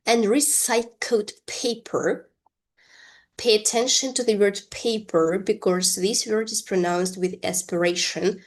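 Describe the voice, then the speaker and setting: A woman teaching an English lesson, with careful, drawn-out pronunciation drills. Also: mid-range voice, darkish tone. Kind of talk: language lesson.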